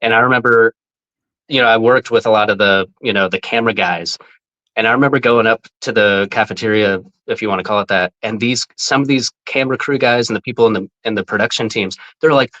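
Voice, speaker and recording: A man who was formerly a team mascot guests on a podcast, telling a story with animated, easygoing energy and a slightly quick pace. Swearing and laughter come often, and he jumps up in pitch to quote people. It's a rough recording.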